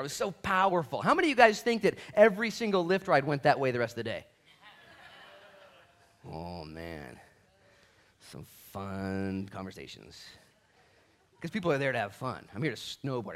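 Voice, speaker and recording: In a sermon built around stories, a male pastor performs the quoted voices himself, shifting between quiet side remarks and forceful, booming bursts. He speaks in a mid-range voice.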